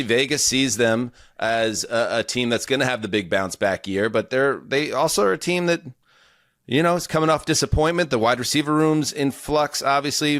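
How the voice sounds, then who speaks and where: A man's voice: mid-range voice, fairly bright tone, no room sound, studio quality. A man hosting a casual sports podcast, rambling and enthusiastic, often restarting his sentences. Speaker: podcast host.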